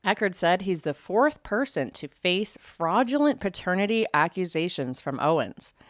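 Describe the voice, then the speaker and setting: A woman's voice: lowish voice, big pitch swings, moderate pace, no echo, clean studio sound. A woman co-hosting a podcast, chatting candidly and reacting to gossip news. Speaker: podcast co-host. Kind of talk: casual chat.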